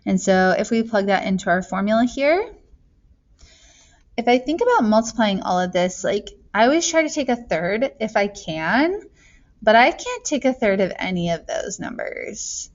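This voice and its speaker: A woman's voice: medium pitch, very animated, moderate pace, lo-fi sound. A woman teaching math, working through a geometry problem and thinking aloud step by step.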